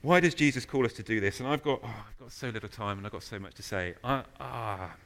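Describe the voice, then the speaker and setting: A man preaching a sermon in a church, telling stories with animated, loud emphasis. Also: mid-range voice, fast talker.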